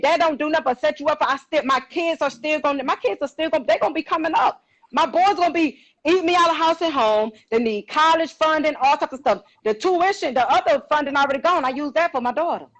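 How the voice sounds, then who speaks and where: High-voiced woman telling a lively story. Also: fast, low-quality recording. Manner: animated, acts out quotes, exclaims. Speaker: podcast co-host. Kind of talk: casual storytelling chat.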